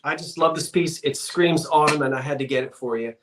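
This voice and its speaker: A man's voice: fairly high pitch, a little fast, noisy background. A man hosting a live online auction of antiques, playful and chatty, joking as he counts down bids.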